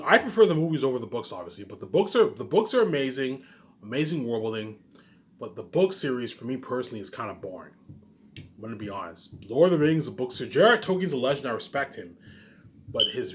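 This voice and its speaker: A man's voice: mid-range voice, slight background noise. Boastful rambling man. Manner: boastful, repetitive, restarts often. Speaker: vlogger. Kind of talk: rambling home monologue. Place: home, noise upstairs.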